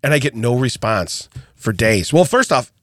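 Middle-aged male podcast co-host, lively pitch, chuckling raconteur, dry booth sound. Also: moderate pace, dry recording. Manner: animated storyteller, laughs often, acts out quotes. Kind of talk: casual storytelling chat.

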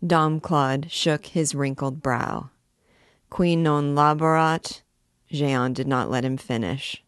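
A woman with a low voice reads a classic novel aloud, measured and unhurried. The sound is dry and close, with no room around it. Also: no room sound. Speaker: reader. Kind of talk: audiobook reading of a classic novel.

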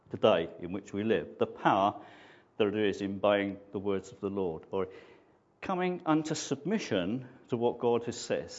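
A man giving a church sermon as an elder and reading a Bible story aloud in an earnest, measured way. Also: mid-range voice, darkish tone, highs cut off.

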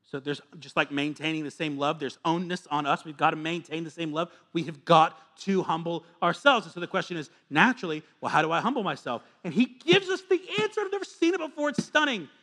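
Man, pastor, sermon, bright forceful voice, earnest, emphatic repetition. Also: on the high side, fairly quick, hardly any pauses. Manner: earnest and confessional, swinging from soft asides to emphatic repetition.

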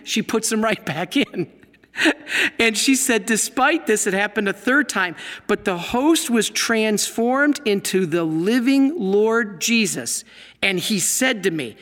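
A man preaching a sermon, reading aloud from a diary and exclaiming over it with animated emphasis. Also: high-pitched, a little slow, long reverb tail. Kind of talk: Catholic sermon talk.

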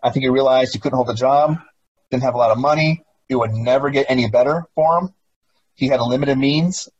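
Husky-voiced man, emphatic interview guest. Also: medium pitch, fairly quick, highs cut off. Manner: emphatic, repeats words and rhetorical questions. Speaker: guest author, former police officer. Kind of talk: interview conversation.

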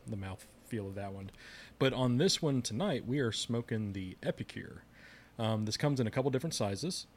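A man with a fairly low voice hosts a casual podcast. He is relaxed and friendly and asks his guest questions. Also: slight background noise. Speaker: podcast host.

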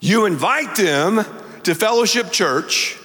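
A man's voice: high-pitched, animated, slow pace, pushed and bright. A middle-aged man preaching a sermon as a pastor, emphatic and repeating words for effect. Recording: long hall reverb.

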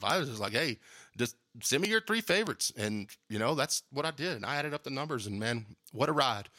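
A man talks casually and earnestly to his podcast listeners, wandering from thought to thought. His voice is bright and forceful, and the recording is dry and close, with almost no room sound. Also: fairly low pitch, dry recording. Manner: rambling, earnest, says "man" often. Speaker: podcast host. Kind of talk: casual year-end thank-you monologue.

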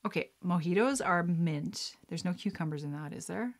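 A woman's voice: fairly low pitch, moderate pace. A woman vlogger chatting casually while playing a trivia card game, reading questions aloud, muttering guesses and laughing. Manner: chatty and excitable, squeals and laughs at right answers.

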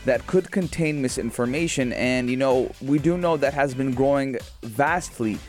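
A man's voice: mid-range voice, normal speed, faint music behind. A man co-hosting a radio show, chatting casually with jokes and rambling restarts. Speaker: radio co-host.

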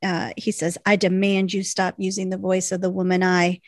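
A woman in her thirties, a podcast co-host, recapping a TV episode in casual, animated chat. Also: on the low side, moderate pace, no room sound, studio quality. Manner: animated storytelling, acts out quotes with laughs.

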